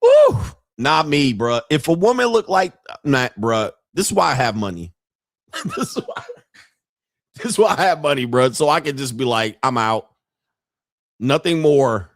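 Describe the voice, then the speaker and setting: A man's voice: medium pitch, big pitch swings, normal speed, hardly any pauses, no room sound, studio quality. A man hosting a reaction video, giving brash, crude commentary and mocking the people he watches. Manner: brash, laughing, mock-quoting others.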